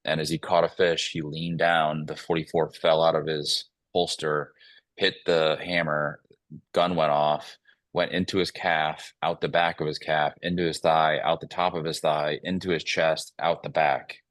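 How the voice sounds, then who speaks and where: Very deep-voiced man telling a story. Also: flat delivery, normal speed, fairly bright tone, no echo. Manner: earnest, storytelling, filler-heavy. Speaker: company CEO guest. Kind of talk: casual panel talk, telling a story.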